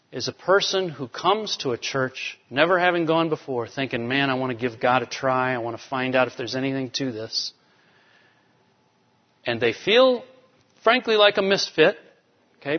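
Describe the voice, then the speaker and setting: A man preaching a sermon as pastor, explaining scripture and building to emphatic points. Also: a little high. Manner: expository preaching, rising to emphatic peaks. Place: church sanctuary. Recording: dull sound with long hall reverb.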